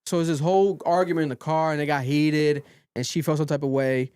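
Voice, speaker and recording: A man hosting a podcast, recapping a reality show in animated casual chat and swearing freely. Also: on the high side, fast, clear, resonant tone. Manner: animated storytelling, swears freely, quotes people in raised voices. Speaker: podcast host.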